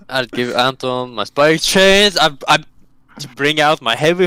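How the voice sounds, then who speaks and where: A man's voice: medium pitch, expressive, unhurried, pushed and bright, smooth, dry recording, low-quality recording. A man playing a tabletop role-playing game, joking and acting out his character's lines. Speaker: player. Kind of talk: casual tabletop game chat.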